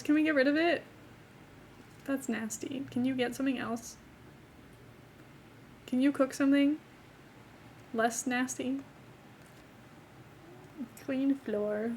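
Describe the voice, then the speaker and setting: A young woman streamer with a high, slow, slightly mellow voice chats casually with viewers while playing a life-sim game, leaving long pauses. She rambles between topics, talking to her chat and to the game's characters. Her accent isn't from England, and there's slight background noise.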